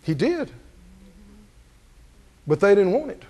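A male pastor preaching a sermon to a congregation, asking them questions and climbing to high, emphatic peaks. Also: big pitch swings, slow, a little mellow.

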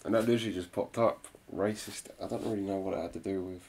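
A man with a low, deep voice gives his casual reaction to a clip. He rambles along in a relaxed way, with faint background noise under his words. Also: fast talker. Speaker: reaction video host.

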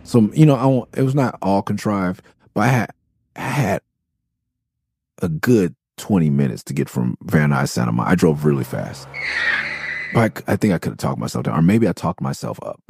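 A man's voice: low-pitched, expressive, a little fast, a little mellow, husky. A man hosting a podcast, telling a candid story in a rambling, profane, loose way. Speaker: podcast host.

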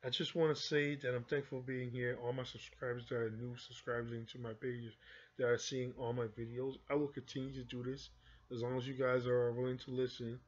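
Man, Jamaican-American accent, middle pitch, rambling casual commentary, dull lo-fi recording. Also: little pitch movement, a little fast. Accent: Jamaican-American mix. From United Kingdom. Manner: rambling, conversational, restarts often. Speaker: YouTuber giving commentary. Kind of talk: casual commentary, reading an article aloud. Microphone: phone or computer mic.

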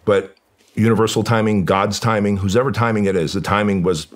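A man's voice: fairly low pitch, fairly even intonation, brisk. A man from Armenia, a guest in an interview, telling a personal story in an earnest, emotional way and quoting his own thoughts aloud.

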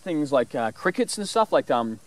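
A man casually explaining animal calls in a rambling, relaxed way with lots of fillers. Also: a little high, normal speed, noisy background. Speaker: bushcraft vlogger.

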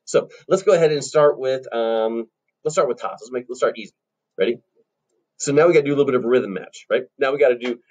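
Husky, lively male music teacher. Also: medium pitch. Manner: upbeat, chanting syllables and rhythms aloud. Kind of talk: teaching children rhythm.

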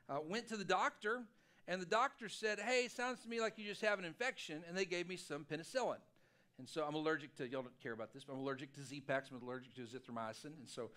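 A man preaching a sermon as pastor, telling a personal story in an animated, self-deprecating way. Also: a little high. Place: church sanctuary.

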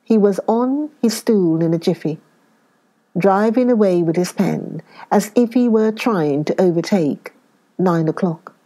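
A woman with a British accent reads a classic tale aloud. Her voice is mellow and warm, and she takes her time, leaning into each phrase with unhurried emphasis. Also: mid-range voice. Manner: expressive, slows down for emphasis. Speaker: storyteller. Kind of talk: dramatic reading of a classic story.

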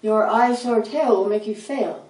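A woman voicing a snide, sneering male chinchilla in a storybook, speaking slowly. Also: a little high, darkish tone, slight background noise, natural voice. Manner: slow and snide. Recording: roomy sound, mic at a distance.

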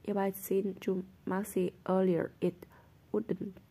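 A woman's voice: medium pitch, little pitch movement, takes it slowly, warm tone, slightly rough. A woman reading the lines of an earnest, bruised teenage boy who fights, in a blunt, questioning way.

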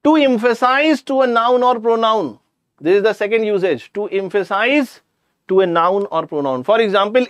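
A man's voice: high voice, moderate pace, no room sound. A man with an Indian English accent teaching a live online grammar class, chatty, addressing students directly and slipping in jokes.

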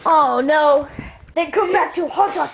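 High-voiced melodramatic woman at toy play. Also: unhurried. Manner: melodramatic, lots of 'oh no' wailing. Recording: tinny phone-like audio with faint hiss.

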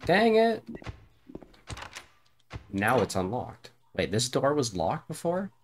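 A man's voice: on the low side, big pitch swings, measured pace, slight background noise. A man giving casual let's-play commentary on a horror game, thinking aloud and swearing often. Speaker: streamer playing a horror game.

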